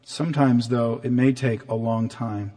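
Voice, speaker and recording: A man's voice: mid-range voice, measured pace. Earnest male preacher in a reverberant hall. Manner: earnest, animated, acts out voices for effect. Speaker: pastor. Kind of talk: sermon.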